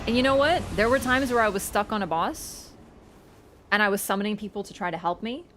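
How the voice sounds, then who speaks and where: A young woman game streamer chatting casually with her viewers, telling stories in an animated, excitable way and swearing freely. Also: fairly quick, a little hiss or hum. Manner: animated, excitable storytelling with sudden high squeals. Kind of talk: casual livestream chat. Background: background game music.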